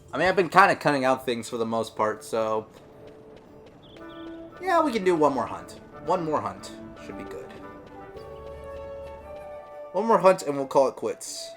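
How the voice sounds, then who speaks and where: A man's voice: a little high, a bit bright. A man giving casual, rambling let's-play commentary, full of fillers and self-corrections. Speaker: gameplay commentator.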